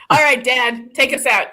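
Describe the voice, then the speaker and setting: A woman's voice: sits high, pushed and bright. A woman hosting an online improv game, giggly and laughing between lines. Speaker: improv host.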